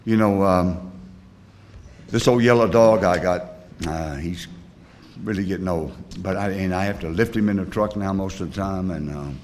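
A man's voice: deep voice, normal speed, darkish tone, slight background noise. A man sponsoring others in recovery, telling a personal story in a folksy, rambling way, with plain rural grammar and many fillers.

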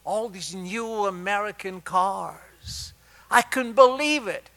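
Older Argentine man, high bright voice. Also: slow. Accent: Argentine Spanish. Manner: animated, humorous, confiding. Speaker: speaker at a recovery meeting. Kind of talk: personal storytelling talk.

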